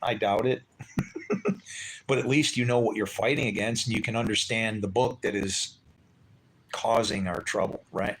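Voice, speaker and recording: A man's voice: on the low side, steady tone, normal speed, long pauses, fairly bright tone, slight background noise. A man giving an informal Bible teaching, talking conversationally, asking his listeners rhetorical questions and swearing now and then. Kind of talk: casual unscripted Bible talk.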